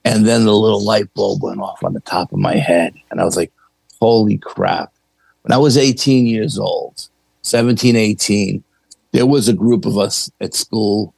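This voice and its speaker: A middle-aged man with a low, gravelly voice tells a story as a podcast guest. He chats in a loose, anecdotal way, sprinkling in "you know" and acting out quoted dialogue. The sound is dry and close. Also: normal speed, a little mellow, no room sound, rough recording. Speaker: paranormal investigator, podcast guest. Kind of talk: casual storytelling.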